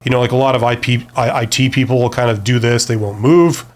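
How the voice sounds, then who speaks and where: A man past his early twenties talks casually to the camera, offering career advice in a rambling, self-deprecating way full of fillers and restarts. He speaks fast, with medium pitch and a level tone.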